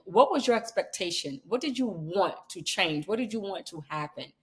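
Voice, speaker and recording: A woman's voice: on the high side, animated, moderate pace, hardly any pauses. A woman hosting a conversational interview, affirming her guest and often chiming in with agreement. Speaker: podcast host.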